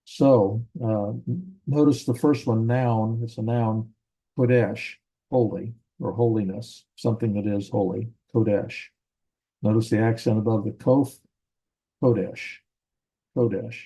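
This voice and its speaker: A man teaching a Bible language grammar class in a church classroom, patient and explaining step by step, repeating himself and slowing down on key words. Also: fairly low pitch, steady tone, warm tone, breathy edge, rough recording.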